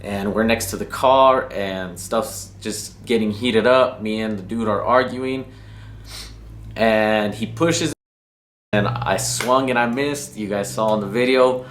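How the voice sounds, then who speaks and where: A man's voice: fairly low pitch, slow pace, slight background noise. A man from New Mexico casually telling a story about drag racing, slangy and rambling and cursing freely. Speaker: racing vlogger.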